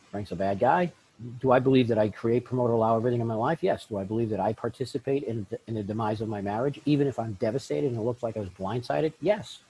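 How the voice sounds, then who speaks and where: A middle-aged man talking candidly as a podcast guest, blunt and animated, laughing often and acting out little scenes. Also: medium pitch, vocal fry, slight background noise, poor audio. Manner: animated, blunt, laughs often, acts out voices in his stories. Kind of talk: candid conversational self-help talk.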